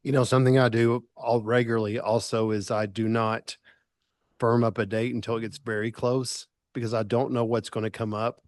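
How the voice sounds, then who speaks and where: A man co-hosting a podcast, chatting in a calm, agreeable way. His voice sits in a mid range and he keeps things low-key. The sound is dry and close, with little room around it. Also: moderate pace, dry recording. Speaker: podcast co-host, woodworker. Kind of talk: casual podcast chat.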